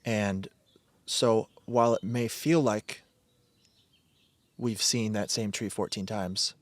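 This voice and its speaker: A man's voice: fairly low pitch, fairly even intonation, slow pace, no echo. A man hosting a solo podcast, rambling and swearing, often breaking off mid-sentence to start again. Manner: digressive, profane, self-interrupting. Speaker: podcast host.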